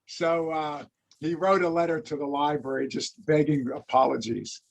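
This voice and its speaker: A man lecturing on history, telling anecdotes in a lively storytelling way and acting out the quotes. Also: fairly high pitch, moderate pace, gravelly. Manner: animated storyteller, acts out quotes. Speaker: lecturer and teacher.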